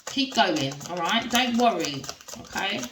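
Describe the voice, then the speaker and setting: A woman giving a casual tarot reading, talking straight to her viewers with lots of tag questions and excited outbursts. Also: mid-range voice, unhurried, distant mic, noisy background. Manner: addresses viewers directly with frequent tag questions; expressive, with sudden gasps and excited outbursts. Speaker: tarot reader. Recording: roomy sound from away from the mic.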